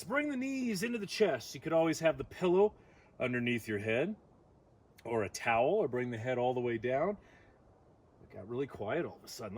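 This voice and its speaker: A man leading a morning yoga stretch outdoors, giving calm instructions with playful joking asides. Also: on the high side, husky. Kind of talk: guided yoga class. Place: outdoor deck on a windy morning.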